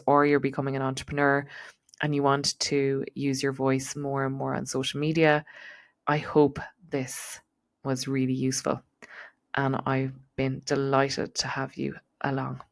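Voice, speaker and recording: A woman's voice: extremely low pitch, vocal fry. A woman with a neutral Irish accent, giving a chatty solo podcast talk as host and coach, with frequent ums and likes. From Ireland.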